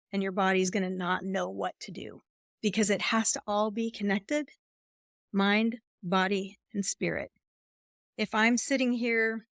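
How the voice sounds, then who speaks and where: A woman's voice: medium pitch, a bit bright, no echo, clean studio sound. A woman coach speaking as a podcast guest, explaining ideas expressively and acting out inner voices. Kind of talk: podcast interview conversation.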